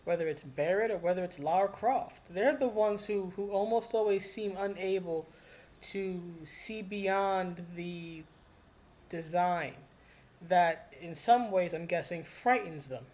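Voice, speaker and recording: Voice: mid-range voice, unhurried, darkish tone. Rambling, earnest solo commentator. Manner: rambling and hesitant, with frequent restarts and fillers; earnest and heartfelt. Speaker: video commentator. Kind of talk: casual spoken commentary.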